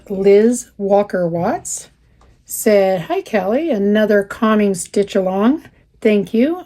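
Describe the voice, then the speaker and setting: This woman in her fifties talks in a warm, mellow tone as she chats through viewer comments in a casual craft vlog. Her voice sounds slightly worn, and she laughs easily between thoughts. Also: medium pitch. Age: 50s. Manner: chatty and warm, laughs often. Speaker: craft channel host. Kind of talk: casual chat while stitching, reading viewer comments.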